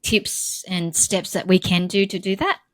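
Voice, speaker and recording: A woman's voice: fairly low pitch, fairly even intonation, measured pace. A woman hosting a podcast, asking curious questions and adding short affirming murmurs. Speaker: podcast host. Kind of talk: interview questions.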